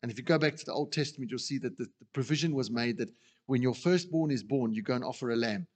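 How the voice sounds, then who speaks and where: A man preaching a sermon who acts out the voices he quotes with animated delivery. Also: mid-range voice, fast. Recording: long reverb of a hall.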